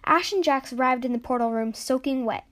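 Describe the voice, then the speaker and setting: Lady podcast host telling a story episode, kinda high voice, playful. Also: a little fast, a bit bright. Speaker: podcast hostess and narrator. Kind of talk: serialized story narration.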